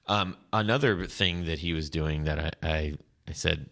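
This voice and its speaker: Deep-voiced male podcast co-host. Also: gravelly, fairly bright tone. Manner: rambling, halting, laughs often. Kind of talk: casual chat.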